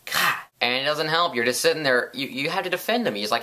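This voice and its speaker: A man's voice: fairly high pitch, quick pace, few pauses, bright, forceful tone. A man delivering a sarcastic, profane, rambling comedic rant as a vlogger.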